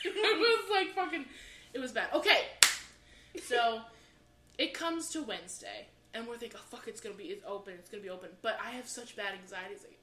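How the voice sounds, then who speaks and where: A woman co-hosting a comedy podcast, telling stories in an animated, profane way and acting out the voices of people in them. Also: a little high, brisk. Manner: animated, swears constantly, acts out voices. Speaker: podcast co-host. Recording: roomy echo with faint background hiss.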